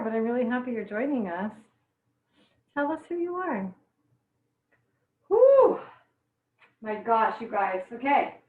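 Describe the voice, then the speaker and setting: Slow-talking teary woman, tinny and echoey. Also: high-pitched. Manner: chatty, laughing, exclaiming through watering eyes. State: teary-eyed from onions. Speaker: cooking class instructor. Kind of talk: live online cooking class. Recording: echoey, distant, phone-like sound.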